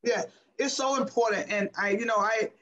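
In this casual interview, a former basketball player in middle age talks with fervor and emphasis, often repeating herself. Her slightly high, somewhat bright voice comes at a normal speed, though the recording's highs are cut off.

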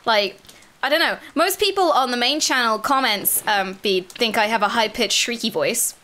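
Bright-voiced excitable woman gamer. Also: a little high. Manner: chatty, excitable, quick to laugh and tease. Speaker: gaming video co-host. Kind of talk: casual chat while gaming on a stream.

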